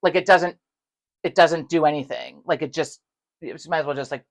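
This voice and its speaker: Speaking a little fast in a deep voice, a podcast co-host tells a story on a casual show. She curses a lot, stays animated throughout, and voices both people in the conversations she recounts.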